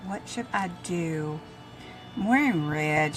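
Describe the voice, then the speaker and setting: An older woman talks her viewers through her makeup in a loose, chatty way, with now and then a cough from a tickle in her throat. Her voice sits in a middle pitch. Soft music plays faintly behind her. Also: measured pace. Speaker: makeup vlogger. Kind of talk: casual makeup tutorial.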